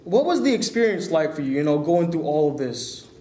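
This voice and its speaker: A man's voice: a little high, big pitch swings, brisk, mellow, roomy sound. A man hosting his own channel, chatting eagerly with fillers as he runs an amateur interview.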